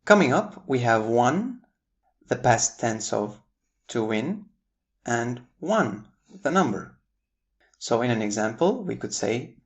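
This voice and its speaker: A man with an American accent explaining confusing English word pairs in a clear, deliberate lesson, spelling words out letter by letter. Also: lively intonation. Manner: upbeat jumps in pitch at each new word pair. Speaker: English teacher. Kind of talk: scripted lesson narration.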